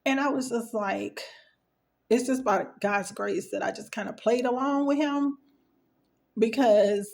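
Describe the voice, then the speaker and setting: A woman's voice: fairly high pitch, measured pace, vocal fry, a little mellow. A woman telling a personal story in a casual, conversational way. She often stops to act out what others said. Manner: conversational, acts out quoted dialogue, frequent fillers. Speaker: storyteller sharing a personal experience.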